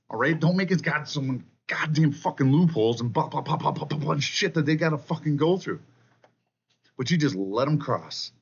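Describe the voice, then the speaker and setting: Husky, profane man ranting at camera. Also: fairly high pitch, animated, moderate pace, muffled recording. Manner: profane, combative, repeats "okay?" often. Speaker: vlogger venting to camera. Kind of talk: angry political rant to camera. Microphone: camera mic.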